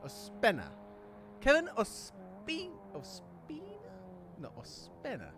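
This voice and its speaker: A man's voice: very high-pitched, wildly swooping pitch, slow pace, creaky, over music. A man hosting a casual sim racing review, joking, swearing and laughing often. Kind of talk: casual chat, race commentary.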